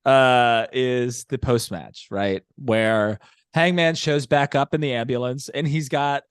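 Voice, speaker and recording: A man's voice: mid-range voice, fairly even intonation, slow, clean tone, dry recording, studio quality. A man co-hosting a podcast, talking in a casual, analytical way with long explanations. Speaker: podcast co-host. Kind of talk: casual chat.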